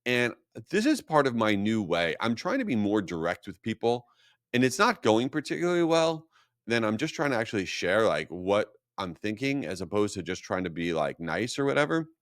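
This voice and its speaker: A man hosting a solo marketing podcast, talking casually and telling stories with a self-mocking, animated manner. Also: on the low side, normal speed, no room sound, studio quality. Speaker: podcast host.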